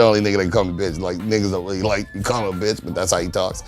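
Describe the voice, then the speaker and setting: A man co-founder of a recording studio, telling its origin story in a casual, profane, laid-back interview, getting lively when he quotes friends. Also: low voice, very fast, faint music behind.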